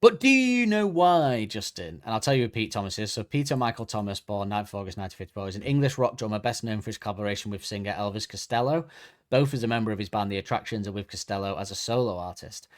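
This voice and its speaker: A man's voice: lowish voice, fast talker. A man hosting a casual music podcast, quizzing his co-host and reading out facts.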